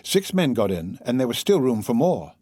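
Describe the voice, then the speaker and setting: A man narrating a classic novel as an audiobook in an expressive storytelling manner. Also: mid-range voice, moderate pace, slightly rough, no echo, studio quality.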